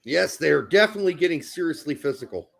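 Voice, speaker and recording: A man co-hosting a live soccer watch-along stream, talking casually with lots of swearing and bursts of shouting. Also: fairly high pitch, fast talker, gravelly. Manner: excitable, profane, bursts into shouting over goals.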